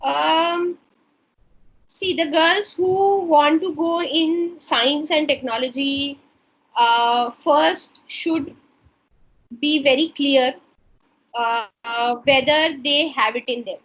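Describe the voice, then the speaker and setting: An Indian woman in her thirties, a stem cell researcher, talking earnestly in an interview with many pauses and fillers. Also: high-pitched, a bit bright, poor audio. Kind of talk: casual interview talk.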